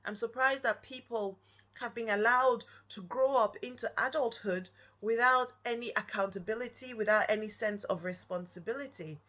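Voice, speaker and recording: A woman's voice: fairly high pitch, moderate pace, sharp tone. A woman from Nigeria, giving an earnest, reflective personal talk and putting questions straight to the listener. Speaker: speaker.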